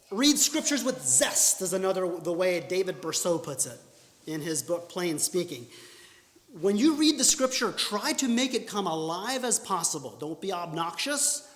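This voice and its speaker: A high-pitched man with a fairly bright tone gives an earnest lesson on public speaking in a church hall, recorded with plenty of echo. He frequently restarts and corrects himself before driving home points in bursts of emphasis.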